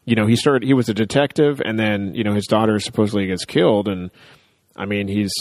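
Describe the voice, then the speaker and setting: A man co-hosting a casual chat about a TV show, talking things through and quoting characters in quick asides. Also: on the low side, steady tone, darkish tone, no echo, clean studio sound.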